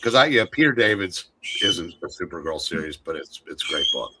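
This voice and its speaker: A man's voice: deep voice, very animated, fairly quick, heavy background noise. A tired man chatting casually as co-host, rambling and hesitant, yawning now and then. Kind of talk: casual chat.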